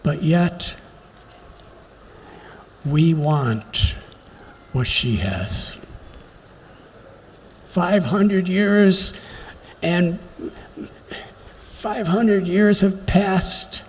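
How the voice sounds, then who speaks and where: A man giving a devotional lecture, telling stories slowly and reflectively with emphatic pauses. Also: high voice. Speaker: spiritual lecturer. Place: temple hall during a pilgrimage. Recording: long hall reverb, faint background noise.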